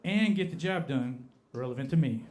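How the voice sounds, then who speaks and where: At a comedy club, a man with an American Appalachian accent delivers stand-up, lingering on his punchlines in a deadpan way. His pitch is medium and his pace moderate; he hails from Appalachia, United States.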